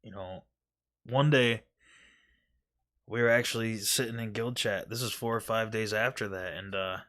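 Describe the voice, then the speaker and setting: A man's voice: fairly low pitch, fairly even intonation, normal speed, a bit bright, no room sound, studio quality. A man telling a rambling, profane story about a gaming friend from his home gaming setup, full of restarts and quoted dialogue. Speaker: gaming video host. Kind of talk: casual storytelling monologue.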